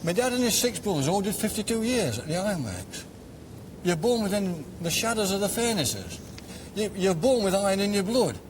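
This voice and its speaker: A man's voice: sits high, very animated, fairly quick, a little hiss or hum, low-quality recording. A local man from an English ironworks town, chatting casually and agreeing often. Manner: chatty, agreeing with frequent yeahs. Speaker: local former ironworks family member. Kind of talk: casual conversation.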